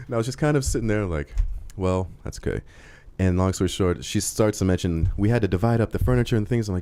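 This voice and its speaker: A man's voice: low-pitched, expressive, brisk, mellow, smooth. A young man in his twenties rambling through a story on a comedy talk show, with lots of fillers, acting out the quotes. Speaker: co-host telling a story.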